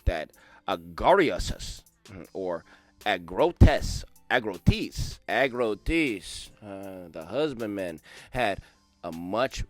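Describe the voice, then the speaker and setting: A young man reading a history book aloud, breaking in with loud, slangy asides and dropping to quiet mumbled reading. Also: fairly low pitch, extremely slow, no room sound, soft background music. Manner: animated slangy asides between read passages. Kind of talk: casual read-along with commentary.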